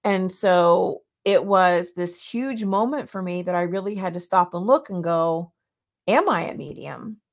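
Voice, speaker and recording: A middle-aged woman hosting a podcast, telling a personal story in a casual, animated way and acting out the dialogue. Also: lowish voice, measured pace, few pauses. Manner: animated, acts out quoted dialogue. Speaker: podcast host.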